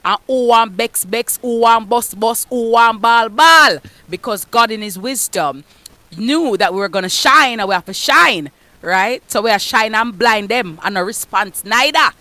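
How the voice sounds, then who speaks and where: A Jamaican radio host giving forceful motivational talk, dropping into patois. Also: female voice, on the high side, unhurried, dry recording. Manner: forceful, emphatic, mixes patois into her speech. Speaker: radio host, guest speaker. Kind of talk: motivational preaching.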